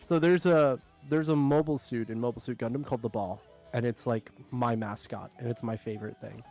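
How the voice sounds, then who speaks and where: A man's voice: mid-range voice, steady tone, a little fast, darkish tone, faint music behind. A man from South Carolina with a Southern accent, rambling through casual stream chat and laughing often. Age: adult, former military.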